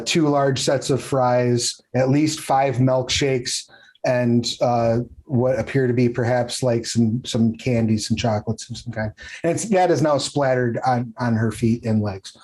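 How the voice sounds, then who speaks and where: A man's voice: mid-range voice, darkish tone, low-quality recording. A man runs a tabletop game as game master, wandering through his descriptions. He leans on fillers and restarts as he narrates. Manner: rambling, many fillers and restarts.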